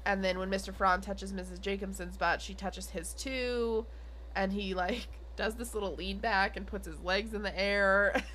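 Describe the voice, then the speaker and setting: A young adult woman co-hosting a podcast recaps an episode in casual, rambling chat packed with fillers and giggles. Her mid-range voice is steady, fairly bright, and at normal speed, with a slight hiss or hum in the audio.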